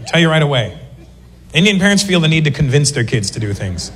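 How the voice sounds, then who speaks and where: A man doing a stand-up routine, animated, slipping into voices of the people he mimics, recorded live in a club. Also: fairly high pitch, very fast, in a large hall, noisy background. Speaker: stand-up comedian. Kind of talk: stand-up routine before a laughing crowd.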